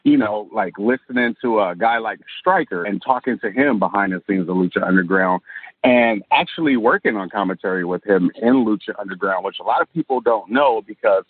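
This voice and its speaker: Wrestler-commentator guest, husky and chatty, dry tinny phone audio. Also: male voice, on the low side, fairly quick, dry recording. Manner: rambling, laughs often, many fillers and restarts. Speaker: professional wrestler and color commentator. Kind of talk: casual interview chat. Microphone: phone or call line.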